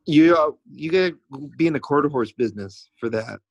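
A man's voice: on the high side, lively intonation, fairly quick, breathy edge, dry recording, muffled recording. A man who trains racehorses, a podcast guest telling stories in a rambling way with many restarts. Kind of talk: casual interview talk.

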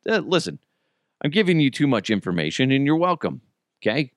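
A man's voice: medium pitch, big pitch swings, brisk, no room sound, clean studio sound. A man hosting a comedy podcast, talking in a crude, joking, rambling way. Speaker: podcast host.

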